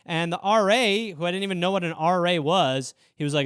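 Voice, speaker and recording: High, smooth-voiced man riffing casually. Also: expressive, fast talker, hardly any pauses, a bit bright, no room sound, studio quality. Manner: rambling, self-mocking, loose storytelling with swearing. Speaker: host. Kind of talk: casual solo riffing on viewer suggestions.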